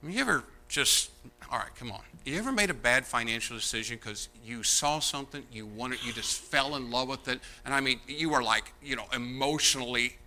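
A man preaching a sermon as pastor, animated and mocking, swinging between loud outbursts and hushed asides. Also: medium pitch, fairly quick, a little hiss or hum.

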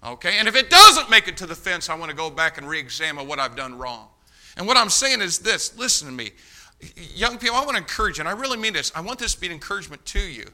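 A man preaching a sermon, telling a folksy story and then urging young people on, shifting from quiet asides to loud exhortation. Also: sits high, big pitch swings, fast.

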